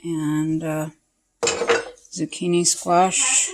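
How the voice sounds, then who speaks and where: A woman's voice: lowish voice, expressive, drawn-out words, background noise. A woman vlogger chatting casually with family over dinner at home, fond and talkative.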